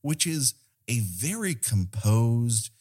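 A man hosting a podcast in casual chat, with a playful, showman-like delivery into a boom-arm microphone. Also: very animated, takes it slowly, darkish tone, husky. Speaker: podcast host.

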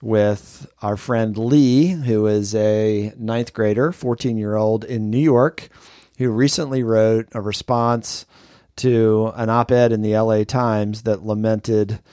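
A man's voice: fairly low pitch, fairly even intonation, slow pace, mellow, dry recording, clean studio sound. A man co-hosting a podcast in casual chat, upbeat and teasing as he steers the show. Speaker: podcast co-host.

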